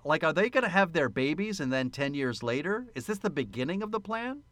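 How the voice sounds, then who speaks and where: A man's voice: a little high, very animated, brisk, a bit bright, no room sound. A man co-hosting a film podcast in casual chat, sarcastic and profane, with mock-indignant asides. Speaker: podcast co-host.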